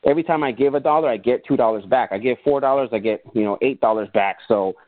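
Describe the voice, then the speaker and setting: A man's voice: medium pitch, quick pace, dry recording. A man telling stories as a podcast guest, animatedly acting out remembered conversations in a casual interview. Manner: animated storyteller who acts out remembered conversations. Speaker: podcast guest, business owner. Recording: tinny phone-like sound, dry.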